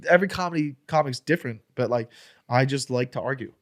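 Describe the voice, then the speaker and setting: A comedian guesting on a podcast tells a story in an animated, profane way, acting out an argument. His voice sits in the mid range, and he talks fast.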